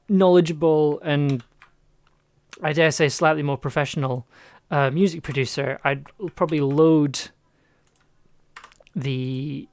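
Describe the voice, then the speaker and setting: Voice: medium pitch, creaky, dry recording. A music producer streaming live, casually thinking aloud and testing ideas by trial and error, with a self-deprecating manner. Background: faint music playback.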